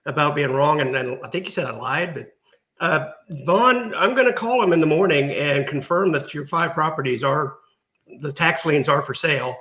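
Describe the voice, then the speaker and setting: A man's voice: a little high, normal speed, sharp tone, lo-fi sound. A man calling in, firmly repeating that he will check the facts and refusing to back down. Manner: firm, repetitive, stands his ground. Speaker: caller. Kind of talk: argument on a call-in.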